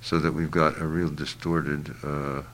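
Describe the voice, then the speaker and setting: An older man being interviewed, answering in a halting, reflective way with many fillers and restarts. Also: very deep voice, flat delivery, a bit bright, a little hiss or hum.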